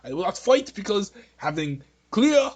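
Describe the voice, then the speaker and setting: A man's voice: high-pitched, very animated, unhurried, pitched above the performer's own voice, heavily acted. A man putting on an exaggerated accent as a frail, apologetic old male politician who pleads meekly. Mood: meek pleading. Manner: pleading, submissive.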